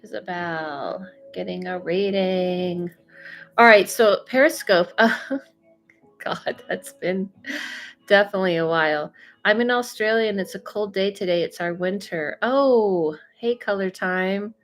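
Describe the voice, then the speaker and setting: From her home in Los Angeles, a woman with a mid-range voice and measured pace runs a laid-back livestream as a psychic medium, laughing, using many fillers, and going through viewer comments. She's a bit congested from allergies, with faint music in the background.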